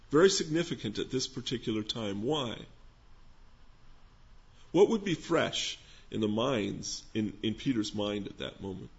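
A man preaching a sermon in a gentle, conversational teaching manner, posing questions to his listeners. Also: mid-range voice, muffled recording. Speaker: pastor.

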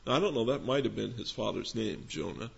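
Guy preaching a sermon, kinda gravelly, gentle and chatty, asks the room questions, muffled old recording. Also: fairly low pitch, brisk. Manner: gentle, conversational teaching with rhetorical questions. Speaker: pastor.

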